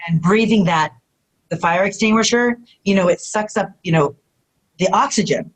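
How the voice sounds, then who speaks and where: A woman guest in an interview, telling stories in a casual, animated way, often acting out quotes and saying "you know what I mean". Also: mid-range voice, normal speed, rough recording. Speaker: retired pro wrestler guest.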